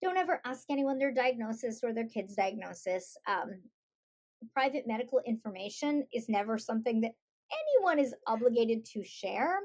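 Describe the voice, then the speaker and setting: A middle-aged woman, a guest on a podcast, telling stories in a lively way and acting out the voices she quotes. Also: a little high, normal speed. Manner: animated storytelling, acts out quoted voices. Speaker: guest, author and parent. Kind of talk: conversational podcast interview.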